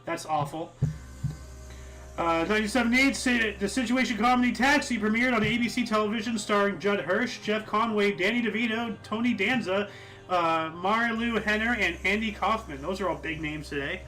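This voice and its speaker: A high-voiced man co-hosting a relaxed history talk show, joking and often laughing as he reads out events from the past. Faint music plays underneath his voice. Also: moderate pace, poor audio. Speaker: podcast co-host. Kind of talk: casual history chat.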